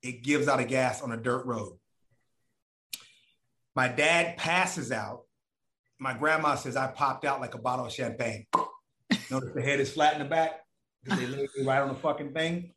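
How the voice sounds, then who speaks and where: A man's voice: mid-range voice, moderate pace, long pauses, reverberant. A man telling a long personal story in casual, profane talk, acting out the voices of the people in it. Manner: animated, profane, acts out voices of others.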